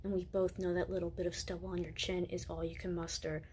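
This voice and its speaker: A woman's voice: fairly low pitch, little pitch movement, fast talker, a little mellow, a little hiss or hum. A woman performing a cosplay comedy skit, switching between grumbling and teasing.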